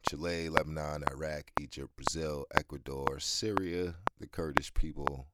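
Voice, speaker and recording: Podcast host, male, very low voice, candid rambling monologue over loud background noise. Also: fairly even intonation, moderate pace. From United States. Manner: candid, rambling, laughs often, swears freely. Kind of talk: casual solo podcast monologue.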